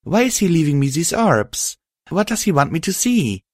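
A man voices a weary, wry pony hero, pitching his fairly high voice above his own natural register. The delivery is very animated at normal speed, recorded dry at studio quality.

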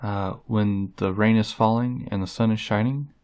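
A man doing a casual tag video, reading words off a list in an unhurried way with frequent "uh" fillers. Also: on the low side, steady tone, a little mellow. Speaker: vlogger.

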